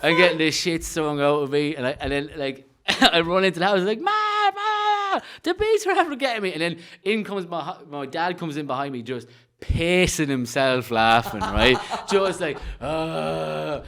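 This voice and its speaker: A young Irish man, a comedian, telling childhood stories in a casual podcast chat, swearing freely and animated. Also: a little high, normal speed. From Ireland. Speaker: comedian guest.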